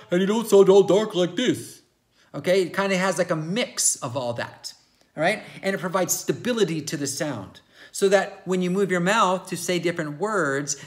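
A man's voice: high voice, a bit bright. A man giving a singing lesson, explaining technique step by step and checking in with the viewer often. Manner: demonstrates by singing show tunes. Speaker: voice teacher.

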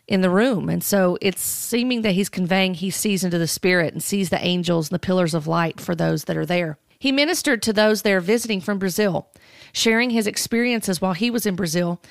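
Measured woman with a gravelly edge. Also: mid-range voice, no room sound, studio quality. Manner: measured, cautioning, with fillers. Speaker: commentator. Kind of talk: critical commentary.

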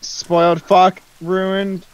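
A man's voice: high-pitched, level tone, drawn-out words, smooth. A young man doing co-op game commentary, blunt and teasing, swearing now and then. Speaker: gamer.

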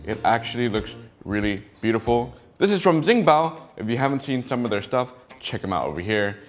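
A man hosting a casual review vlog, chatting excitably and talking straight to his viewers. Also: medium pitch, fairly quick, faint music behind. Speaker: toy brick set reviewer, channel host.

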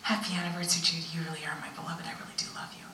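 A woman voicing God as a tender, loving presence, speaking softly in near whispers. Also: mid-range voice, fairly quick, a little hiss or hum, close to an everyday voice. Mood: tender hushed. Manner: soft, hushed, near whisper. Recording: echoey church hall, voice from far off.

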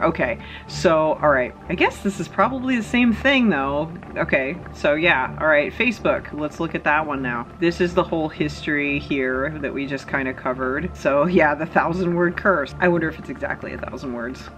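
A woman's voice: low-pitched, normal speed, few pauses, a bit bright, faint music behind, low-quality recording. A woman vlogger giving casual, rambling commentary full of chatty asides and fillers.

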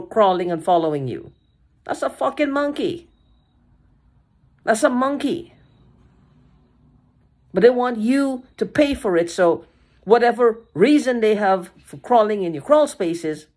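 A woman's voice: mid-range voice, a little mellow. A woman talking to the camera in an agitated, frustrated way, swearing, restarting sentences and repeating herself. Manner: halting restarts and repeated phrases. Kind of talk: casual vlog monologue.

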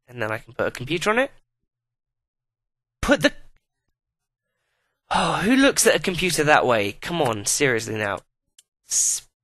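A man's voice: fairly high pitch, sharp tone, no echo. A man giving profane, exasperated running commentary while playing a life-simulation video game. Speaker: let's play host.

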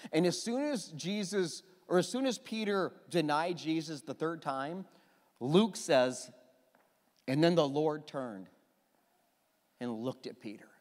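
A middle-aged man preaching a sermon as pastor, telling the story with lively restarts and repeated words. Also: a little high, in a large hall. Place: church hall.

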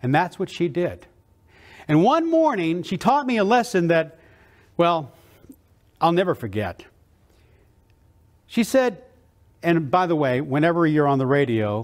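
Enthusiastic man giving a lively keynote. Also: on the high side, moderate pace, pauses often. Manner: dynamic, enthusiastic, with playful quoted voices. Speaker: motivational keynote speaker. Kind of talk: motivational storytelling speech.

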